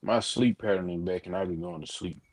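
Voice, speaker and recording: A man's voice: sits low, brisk, a crowd in the background. A man on a call with a stream host, laid-back and joking, arguing back playfully. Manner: laid-back, talks with his mouth full at times, argues playfully. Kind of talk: casual banter on a live stream.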